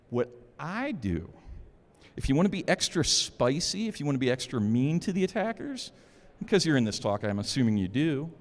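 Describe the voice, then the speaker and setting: A man speaks at a conference in a casual, joking way. His pitch swings widely as he talks. The sound has a long reverb, as if recorded in a big hall. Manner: animated, informal, joking. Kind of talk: security conference talk.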